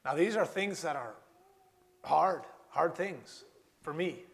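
A man preaching a sermon, earnest and repetitive, slowing down and repeating key phrases for emphasis. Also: a little high, animated, creaky.

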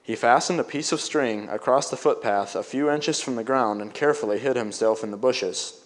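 A man reading an old-fashioned story aloud, now and then pausing to explain it in plain words. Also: medium pitch. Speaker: story reader.

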